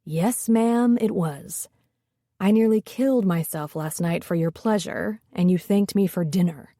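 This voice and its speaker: A woman voicing a rugged, playful man who is a tender lover, speaking low and softly with a teasing manner. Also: unhurried, dry recording, studio quality. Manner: teasing, low and soft-spoken.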